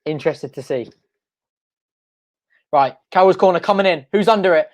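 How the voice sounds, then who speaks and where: Brief: fan-channel host, casual live match commentary, mid-pitched voice, chatting to viewers. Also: normal speed, long pauses, noisy background.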